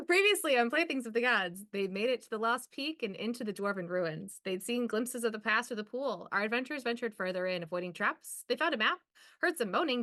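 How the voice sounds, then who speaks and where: A woman's voice: on the high side, fairly bright tone. A woman player in a streamed tabletop game, joking playfully and tripping over her words, who also reads the recap. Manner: playful, laughing, tongue-tangled. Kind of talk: casual chat and read recap.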